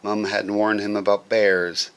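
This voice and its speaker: A man reading a children's picture book aloud, relaxed and adding chatty asides. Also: fairly low pitch, measured pace, clean tone.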